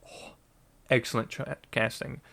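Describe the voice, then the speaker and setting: A man with a gravelly, fry-tinged voice talks through a movie review in a loose, casual way. He rambles, restarts his sentences and leans on filler words, cursing now and then. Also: medium pitch, flat delivery, a little slow, a bit bright. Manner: rambling, many fillers and restarts, swears freely.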